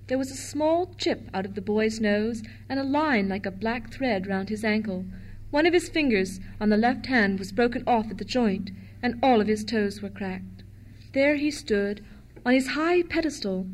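A woman reading a storybook aloud to children in a gentle, expressive way. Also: a little high, slight background noise.

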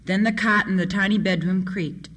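A woman reading an adventure story aloud in a steady, measured manner. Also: mid-range voice. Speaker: narrator.

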